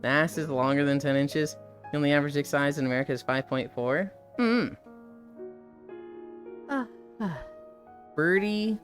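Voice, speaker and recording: A woman streamer chatting casually to her live audience, telling crude stories in an animated way and reading chat messages aloud. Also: low voice, quick pace, soft background music.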